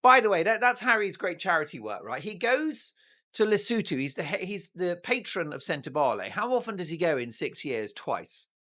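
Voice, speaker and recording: A man's voice: high voice, sing-song, normal speed, bright, forceful tone. A British man hosting a talk show, giving mocking, sarcastic news commentary in a theatrical way. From Britain.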